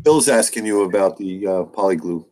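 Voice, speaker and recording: A man co-hosting a casual live stream, joking and asking quick questions. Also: low voice, darkish tone, slight background noise.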